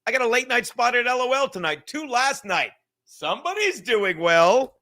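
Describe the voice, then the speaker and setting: A man's voice: extremely high pitch, sing-song, pushed and bright. A man hosting a podcast, ranting sarcastically and with heavy profanity as he reacts to clips. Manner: sarcastic, profane, fast-building rant. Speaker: podcast host. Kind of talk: animated ranting commentary.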